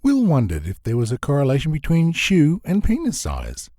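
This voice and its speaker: A man narrating a comic novel as an audiobook, expressive and swinging his pitch for comic effect. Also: normal speed, no echo, clean studio sound.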